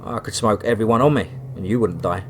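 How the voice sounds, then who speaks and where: A man voicing a blunt, cool stranger in a cowboy hat who speaks in an unhurried drawl. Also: on the low side, a little hiss or hum, lightly acted. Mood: gruff.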